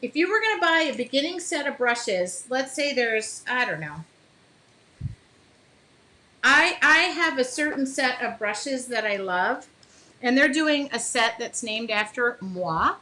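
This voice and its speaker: A woman's voice: on the high side, lively intonation, unhurried, bright, forceful tone, low-quality recording. A woman hosting a casual live painting demo, chatting with viewers by name and apologizing for small slips as she works. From Michigan.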